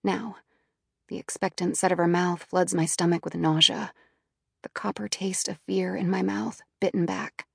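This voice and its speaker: A woman reading a first-person audiobook in a quiet, inward, subdued manner. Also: lowish voice, fairly even intonation, normal speed, vocal fry, husky, no echo, studio quality. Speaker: audiobook narrator.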